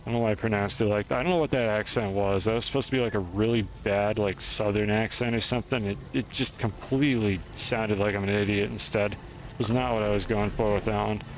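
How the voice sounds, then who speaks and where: A man streaming a game, chatting through his moves in a rambling, self-deprecating way. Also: fairly low pitch. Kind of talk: gameplay commentary.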